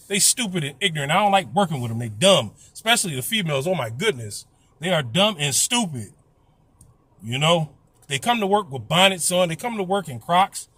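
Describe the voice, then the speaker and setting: A man's voice: on the high side, sharp tone, slightly rough, no echo. A middle-aged man telling a casual, profane story, blunt and complaining. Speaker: vlogger.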